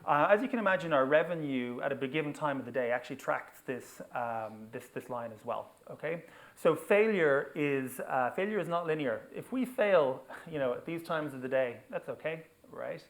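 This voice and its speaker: Male conference speaker with a mid-range voice, energetic and conversational, checks in with listeners often. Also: mid-range voice, moderate pace, gravelly, hardly any pauses. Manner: energetic, checks in with the audience with "okay?" and "right?". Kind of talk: technical conference talk. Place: conference venue.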